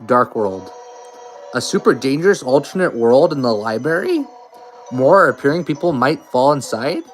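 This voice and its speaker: A man doing a brash shouting police chief woman. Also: mid-range voice, very animated, normal speed, soft background music, voice pushed up, close to an everyday voice. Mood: brash mocking. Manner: shouting, mocking laughter.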